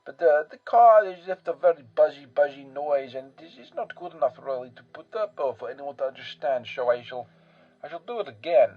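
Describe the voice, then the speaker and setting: A man's voice: a little high, animated, fairly quick, highs cut off, soft background music, close to an everyday voice. A man playing a rambling, boastful European man who pokes fun at himself, in a comic character monologue full of fillers and asides.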